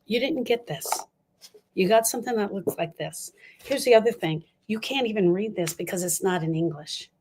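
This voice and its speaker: A woman's voice: medium pitch, moderate pace, noisy background. An older woman giving an impassioned talk on grief, emphatic and repeating lines for stress as she speaks straight to her listeners.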